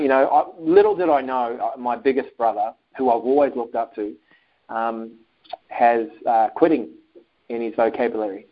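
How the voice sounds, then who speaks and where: A mid-range male voice at an ordinary pace shares a personal anecdote as an interview guest in a casual setting. He livens it up by acting out phone conversations and people's words, though the recording is dull and lo-fi.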